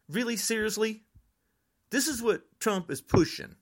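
Older podcaster ranting, animated pitch. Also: a little slow. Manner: frustrated, angry ranting. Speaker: podcast host. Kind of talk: political rant podcast.

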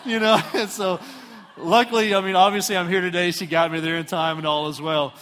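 A man's voice: high-pitched, a little fast, a little hiss or hum. Man from Houston preaching in a reverberant hall. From Houston, Texas. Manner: animated, self-mocking storyteller who acts out voices. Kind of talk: storytelling sermon.

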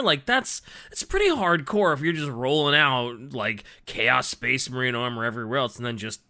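A man co-hosting a loose podcast, reacting with loud exclamations and ready laughter. His voice is bright and edgy, and it leaps up and down as he responds. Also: medium pitch. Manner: excitable, exclaiming, quick to laugh. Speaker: podcast co-host. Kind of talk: casual podcast chat.

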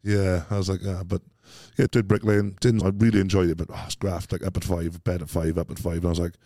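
A man's voice: deep voice, little pitch movement, fast talker, dark tone, no echo, clean studio sound. A Welsh man telling stories as a podcast guest, rambling and laughing easily, full of British slang. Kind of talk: casual chat.

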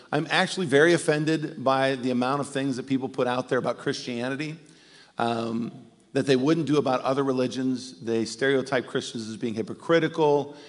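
A middle-aged pastor preaching a sermon in a conversational, animated way. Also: male voice, mid-range voice. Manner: conversational, animated when acting out quotes. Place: church sanctuary. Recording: long hall reverb.

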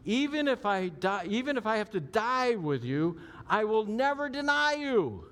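A preacher acting out a cocky, insistent disciple. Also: male voice, sits high, sing-song, moderate pace, fairly bright tone, pitched above the performer's own voice. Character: boastful overconfident adult male disciple. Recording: long hall reverb.

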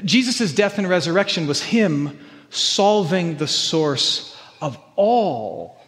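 A man's voice: sits high, expressive, takes it slowly, a bit bright, in a large hall. A man preaching a sermon as pastor, earnest, often repeating words as he presses a point.

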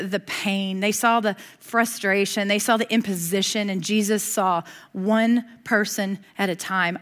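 A middle-aged woman preaching a sermon in a conversational, lively way, with a lot of asides and quick laughs. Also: medium pitch.

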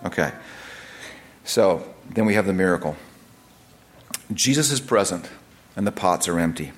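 A man's voice: low voice, animated, unhurried. A man preaching a sermon that explains scripture in a conversational way, with frequent restarts and asides.

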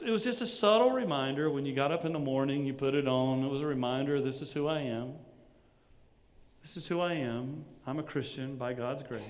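Preaching man in a reverberant sanctuary. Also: a little high. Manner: preaching with rising intensity, rhetorical questions. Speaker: pastor. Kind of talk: sermon.

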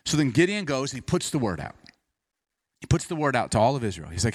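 A male pastor delivers a sermon in a loose, joking, conversational way, turning scripture into a lively story. His voice sits slightly high and moves through a very wide, animated range of pitch. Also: normal speed, husky.

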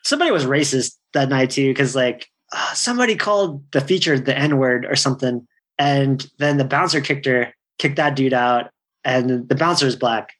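A man's voice: mid-range voice, normal speed, a bit bright. A man in his thirties, a stand-up comedian, telling stories in a rambling, laid-back way, swearing freely and laughing often. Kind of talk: casual chat.

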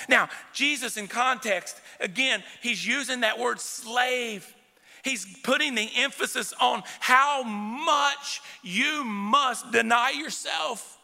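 Emphatic preacher with a bright, gravelly voice. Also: male voice, high voice, measured pace. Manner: emphatic, direct calls to the congregation. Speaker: pastor. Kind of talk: sermon. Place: church sanctuary with a live congregation. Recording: long church hall reverb.

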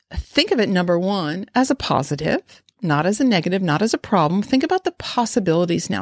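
A woman's voice: mid-range voice, dry recording, clean studio sound. A woman horse trainer giving an instructional talk, rambling with restarts and asking the listener many questions.

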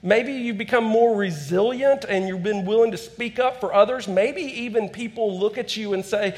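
Man, thirties, pastor, sermon in church, high-pitched, storytelling, acted-out quotes. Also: normal speed, hardly any pauses.

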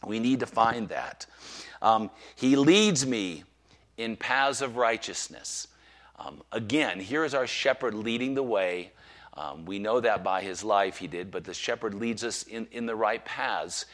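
A man preaching a sermon to his congregation, slowing down to recite scripture and inviting them to say it with him. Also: on the low side, a bit bright. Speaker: pastor.

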